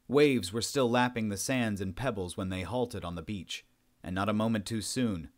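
A man with a fairly low voice reads a science fiction story aloud. His narration is steady and measured, carrying the scene along at an even, unhurried clip. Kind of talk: scripted narration of a sci-fi story.

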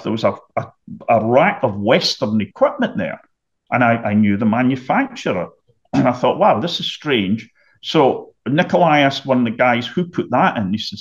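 A middle-aged man from the United Kingdom tells a dramatic story as a podcast guest, clearing his throat again and again. His voice sits at an ordinary pitch for a man. The recording sounds a little muffled. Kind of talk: storytelling anecdote.

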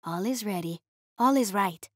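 A woman voicing a small, timid male mole-like creature who speaks in a gentle, careful voice. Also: mid-range voice, normal speed, breathy edge, no echo, studio quality, natural voice. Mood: eager.

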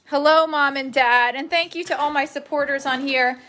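A woman's voice: sits high, steady tone, normal speed, bright, forceful tone. A young woman live-streaming in casual chat, rambling along and reading viewer comments aloud.

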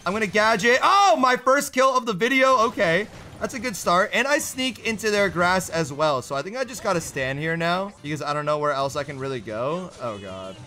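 A young man commentating his own gameplay, excitable and often pleading or shouting at the action. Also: on the high side, fairly quick. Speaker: gaming YouTuber.

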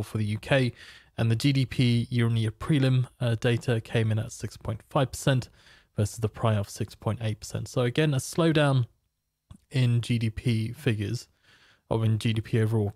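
A man presenting a financial market preview, walking through economic data in a steady, explanatory way. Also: mid-range voice, no echo, studio quality. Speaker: market analyst.

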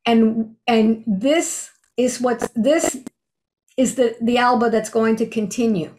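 A woman in her sixties recounts a deeply personal experience with earnest feeling. Her voice sits a little high for a woman, and her delivery is casual and heartfelt. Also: steady tone, slow, a little mellow. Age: 60s. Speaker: storyteller sharing a spiritual experience.

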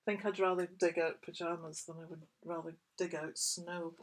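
A woman, a children's author, reading her picture book aloud for young children with expressive, whispery asides. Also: lowish voice, normal speed, slight background noise.

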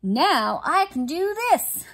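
A woman voicing a soft-spoken, kindly and timid male pangolin in a storybook reading. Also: very high voice, very animated, slow pace, pitched above the performer's own voice, heavily acted. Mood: gentle.

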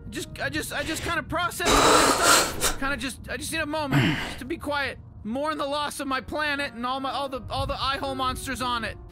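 A man's voice: very high-pitched, brisk, few pauses. A man voicing a small, hot-tempered male alien monster who swears constantly and rambles in stammering outbursts in game dialogue. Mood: fired up. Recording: game audio under loud music. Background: loud game music.

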